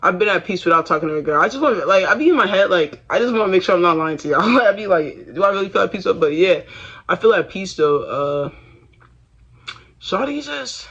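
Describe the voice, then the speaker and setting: A man's voice: sits high, expressive, brisk, gravelly, a bit bright, breathy edge. A young man talking casually and confessionally to the camera, rambling with slangy phrasing, restarts and fillers. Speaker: vlogger. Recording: dull lo-fi sound.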